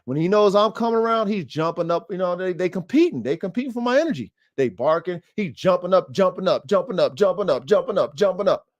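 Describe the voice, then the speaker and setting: A man's voice: high-pitched, animated, fast, few pauses, dull audio. A man hosting a casual dog training podcast, talking animatedly and straight to his listeners. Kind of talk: casual livestream talk.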